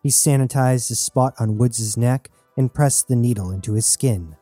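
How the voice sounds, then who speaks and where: A man narrating an audiobook in a steady, measured way, recorded close and dry. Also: medium pitch, no echo, soft background music.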